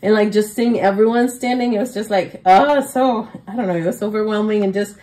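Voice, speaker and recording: A young adult woman, a teacher, telling stories as a podcast guest in an excited way, with many fillers and laughs. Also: medium pitch, a little fast, poor audio. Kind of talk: casual interview storytelling.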